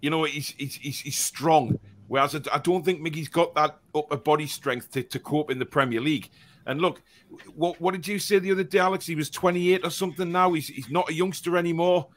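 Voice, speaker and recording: A man's voice: on the high side, fairly quick. A man hosting a casual live fan show, chatty and laughing, reading out viewer comments with plenty of fillers and restarts. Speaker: fan podcast host.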